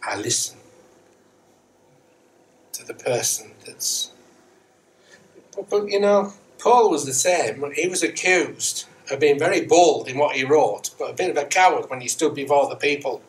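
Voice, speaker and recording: With a fairly high pitch and lively intonation, a middle-aged Methodist minister speaks a little slowly, pausing often, during his Sunday sermon in the church sanctuary. He's chatty and self-deprecating, repeating rhetorical questions. The distant church mic adds a faint hiss.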